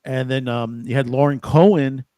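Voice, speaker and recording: A man's voice: medium pitch, fairly even intonation, mellow, no room sound. Easygoing male podcast co-host, dry sound. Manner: easygoing, agreeable, halting with restarts. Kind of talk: casual chat.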